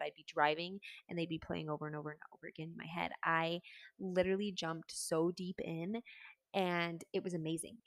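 A woman's voice: fairly low pitch, no room sound. A woman in her twenties telling her personal story in a candid, earnest way, with casual fillers.

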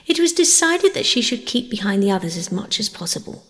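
A woman narrating a bedtime story audiobook in a gentle, measured way. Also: mid-range voice, sing-song. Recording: long hall reverb.

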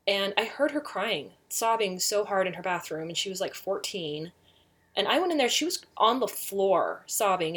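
A middle-aged woman telling a personal story in a chatty, animated way, laughing often. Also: medium pitch. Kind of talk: casual storytelling.

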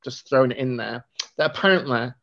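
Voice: mid-range voice, brisk, a bit bright. A podcast co-host, chatting casually about a film, rambling with lots of fillers. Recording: dull lo-fi recording.

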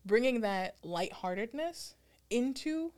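A woman co-hosting a podcast, talking in a relaxed, reflective way. She laughs often and slips into playful high voices when she quotes her own thoughts. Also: takes it slowly, clean tone. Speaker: podcast co-host. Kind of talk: casual chat.

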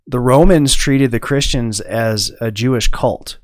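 A man hosting a podcast in casual chat, relaxed and conversational, given to laughing. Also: mid-range voice, measured pace, no echo, studio quality. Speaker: podcast host.

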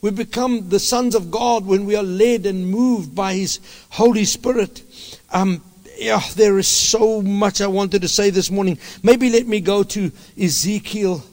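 A man preaching a sermon as a pastor, impassioned and halting, often restarting his phrases. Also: high voice, a little mellow, in a large hall.

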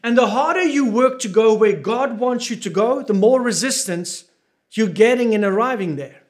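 Very high-voiced man preaching a sermon. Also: animated, moderate pace. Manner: emphatic, repeats key phrases, asks the listeners questions.

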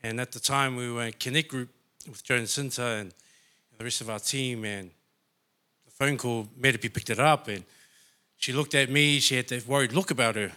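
A man's voice: mid-range voice, steady tone, moderate pace, pushed and bright. A man from New Zealand telling a personal testimony in church, emotional and heartfelt. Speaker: church member sharing testimony.

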